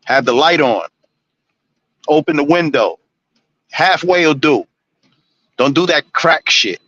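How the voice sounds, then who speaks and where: Blunt, forceful man ranting on a stream. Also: fairly high pitch, dry recording, highs cut off. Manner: blunt, preachy, swears constantly. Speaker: live streamer. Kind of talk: profane ranting monologue.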